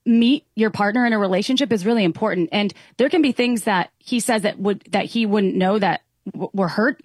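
A woman's voice: medium pitch, slightly rough, no echo. Earnest woman guest, dry close sound. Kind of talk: casual talk show conversation.

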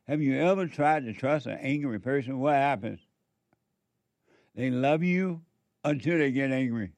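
Slow, exhorting male preacher. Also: medium pitch, a little mellow, no room sound. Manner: repetitive, exhorting, addresses listeners directly. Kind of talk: sermon.

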